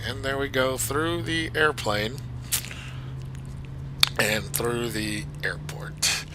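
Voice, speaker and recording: A chatty man gives casual, enthusiastic commentary full of rambling asides. His voice is very bright and forward, with a faint background hiss. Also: mid-range voice, low-quality recording. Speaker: flight simulator reviewer.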